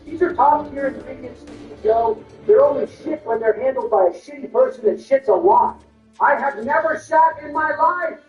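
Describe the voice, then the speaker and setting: A gameplay commentator with a very high-pitched voice keeps a moderate pace while doing comedic bits, hurling crude insults in bickering impressions. The sound is muffled and distant in a roomy space, and music can be heard.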